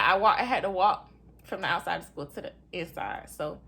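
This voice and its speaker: A young woman casually telling her own story to her viewers, animated, often calling them y'all and acting out what people said in a high voice. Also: a little hiss or hum.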